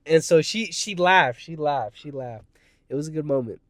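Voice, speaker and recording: A man's voice: fairly high pitch, animated, moderate pace, no room sound. A man telling a personal story in a casual monologue, rambling and profane, jumping between tangents and acting out quoted lines. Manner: acts out quoted voices, shouting in heated moments.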